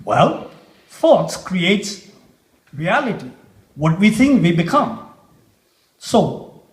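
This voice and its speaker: A man giving a motivational talk at a festival, posing slow, deliberate rhetorical questions to the audience. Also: sits high. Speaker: motivational speaker. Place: music festival stage. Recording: echoey live stage sound.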